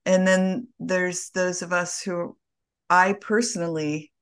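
A woman's voice: on the low side, fairly even intonation, slow, clear, resonant tone. A woman hosting an interview, affirming her guest and sharing her own experience in casual chat. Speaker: podcast host.

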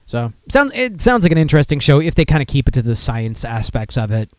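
A man's voice: medium pitch, sing-song, brisk, no room sound. A man hosting a podcast, chatting casually and reading news in a profane, rambling, self-mocking way. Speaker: podcast host.

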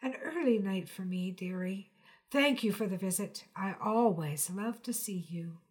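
A woman reading the part of a gentle, affectionate elderly aunt, speaking softly and slowly. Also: medium pitch, lightly acted. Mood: tender. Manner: soft, quiet and slow.

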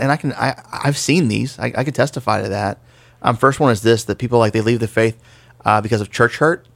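Gravelly low-voiced man, casual podcast talk. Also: fairly bright tone, no echo. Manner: conversational, explanatory, self-deprecating jokes. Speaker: podcast co-host. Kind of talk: casual faith discussion podcast.

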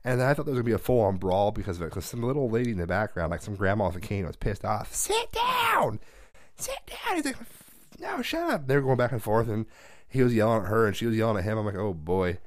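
A man with a fairly low voice rants and swears his way through a casual podcast chat. The recording is dry and close, with no room sound at all. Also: racing, darkish tone, no echo. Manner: profane, ranting. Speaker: podcast co-host.

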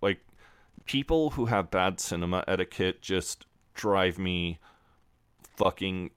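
A man's voice: deep voice, slow, smooth, dry recording. A man co-hosting a podcast, chatting casually, swearing freely and acting out characters' lines. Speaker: podcast co-host. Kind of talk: casual chat recapping a show.

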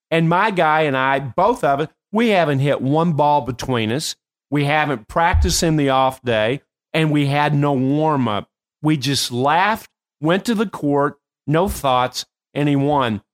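An older man with a somewhat high voice tells stories at an easy, chatty pace. He is animated and laughs often as he talks. His tone is that of a coach hosting his own show. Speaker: host and performance coach. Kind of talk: casual storytelling.

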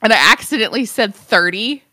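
A woman's voice: medium pitch, animated, brisk, pushed and bright, no room sound, studio quality. A woman co-hosting a casual podcast chat, giggly and chatty, with lots of "like" fillers. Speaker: podcast co-host.

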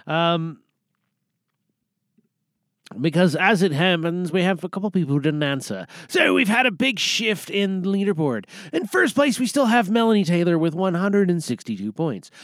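Man from Canada, podcast game host: rambling, chatty, somewhat high voice. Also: very animated, normal speed, fairly bright tone, dry recording, clean studio sound. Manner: chatty, rambling, often trailing off. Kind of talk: casual podcast hosting.

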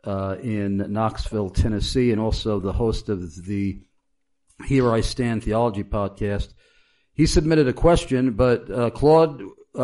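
A man hosting a live radio show, brisk and affirming, announcing breaks and asking listeners to send in questions. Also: on the low side, darkish tone. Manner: brisk, affirming with amens and hallelujahs.

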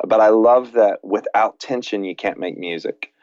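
A man's voice: fairly low pitch, moderate pace, a little mellow, no echo, muffled recording. A man in his late thirties, talking earnestly in a casual faith conversation and telling family stories, often restarting his sentences. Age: late 30s. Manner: earnest, repeats words when starting sentences.

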